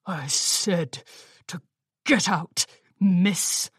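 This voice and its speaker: A woman voicing a paranoid, gruff old male pony shopkeeper who snarls and barks his lines. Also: fairly low pitch, drawn-out words, no room sound, clean studio sound, exaggerated voice. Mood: threatening. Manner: snarling, barking.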